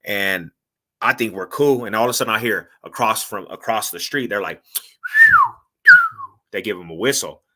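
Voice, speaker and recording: A man talks as a podcast guest, spinning a story with a bright, forceful edge to his voice. He is animated and slangy, swears freely, and acts out what people said. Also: fairly low pitch, normal speed, long pauses, slight background noise. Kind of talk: casual storytelling.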